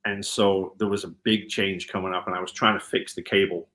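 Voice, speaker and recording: A man from Liverpool with a Scouse accent softened by American, a guitar tech chatting in an interview and telling stories with many ums and restarts. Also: sits low, level tone, brisk. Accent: Liverpool (Scouse), with some American mixed in. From Liverpool, England. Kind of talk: casual interview chat.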